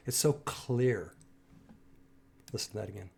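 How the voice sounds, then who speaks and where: Man, husky voice, music reaction host, eager and admiring, rambling commentary. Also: medium pitch, lively intonation, normal speed, darkish tone. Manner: enthusiastic, admiring, rambling with restarts.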